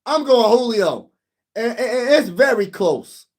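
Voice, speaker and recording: A young man hosting a casual sports livestream, reading comments aloud and chatting excitedly with viewers. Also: extremely high pitch, measured pace. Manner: excitable, talks to viewers as "y'all", sings snippets.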